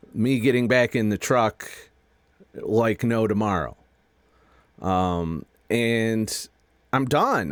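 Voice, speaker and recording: A middle-aged man venting a frustrated, profane rant to his viewers, halting and restarting as he talks. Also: medium pitch, dry recording. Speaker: video creator. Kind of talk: frustrated personal rant to camera.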